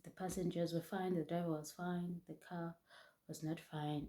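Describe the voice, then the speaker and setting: Tearful young woman with a low, mellow voice. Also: flat delivery. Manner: halting, restarts often, voice rising and breaking with emotion. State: close to tears. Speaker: vlogger. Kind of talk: emotional personal storytelling.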